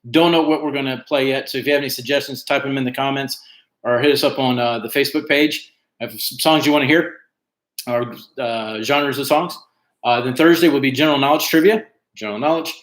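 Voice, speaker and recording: The echoey room carries a mid-range, slightly bright male voice moving a little fast. He's hosting online trivia, chatting casually and reading team names with many fillers.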